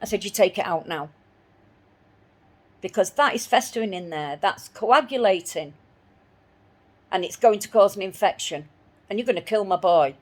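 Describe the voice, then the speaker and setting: A woman's voice: medium pitch, animated, moderate pace, pauses often. A woman telling a personal story in an indignant voice, repeating herself as she replays her arguments. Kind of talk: spoken personal account.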